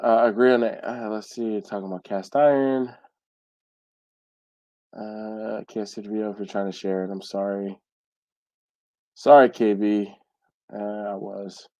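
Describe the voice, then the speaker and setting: A man's voice: lowish voice, flat delivery, measured pace, pauses often, dark tone, no room sound, low-quality recording. A congested man hosting a livestream, casually reading viewer comments aloud and answering them. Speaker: livestream host reading chat. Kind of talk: casual live chat. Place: home.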